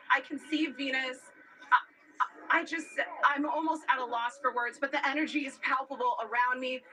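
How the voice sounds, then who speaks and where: A woman's voice: sits high, sharp tone, slight background noise. Awed female meteorologist, sounds distant. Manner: emotional, awed, near tears. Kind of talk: live field report. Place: outdoors among a crowd.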